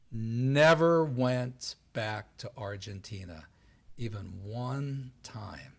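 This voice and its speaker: A man giving a lively storytelling talk on history before an audience, acting out the voices of the people he quotes. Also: medium pitch. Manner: animated, acts out quoted voices. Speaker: lecturer. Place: event hall before an audience.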